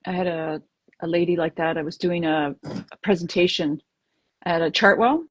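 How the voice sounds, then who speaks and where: A woman's voice: on the low side, fairly even intonation, normal speed, dry recording. A woman hosting an interview, affirming her guest and sharing anecdotes. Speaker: host and divorce coach. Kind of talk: conversational interview.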